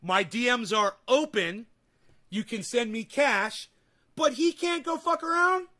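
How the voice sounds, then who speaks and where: Brash, bright-voiced young man ranting. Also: very high voice, a little slow. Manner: profane, combative, sarcastic. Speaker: livestream host. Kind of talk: ranting livestream chat.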